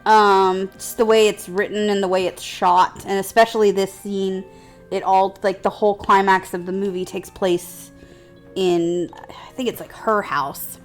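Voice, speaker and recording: A woman's voice: medium pitch, level tone, a little slow, faint music behind. A woman co-hosting a casual gaming chat, rambling through a story and laughing often. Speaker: let's play co-host.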